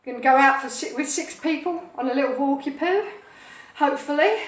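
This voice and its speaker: A woman's voice: sits high, brisk, recorded from a distance. Chatty woman cooking in an echoey kitchen. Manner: chatty, playful, sing-song asides. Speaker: cooking show host. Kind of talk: casual live cooking stream chat. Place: home kitchen.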